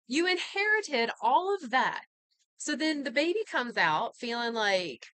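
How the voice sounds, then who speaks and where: A woman's voice: on the high side, big pitch swings, takes it slowly, a bit bright, clean tone, dry recording. A woman giving an earnest, casual talk on healing and inherited patterns, full of conversational asides.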